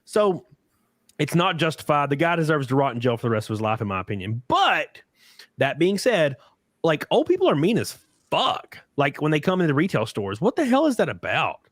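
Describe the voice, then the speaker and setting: A man hosting a podcast in casual chat, telling profane, animated stories with acted quotes. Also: on the high side, a little fast, no echo, studio quality. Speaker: podcast host.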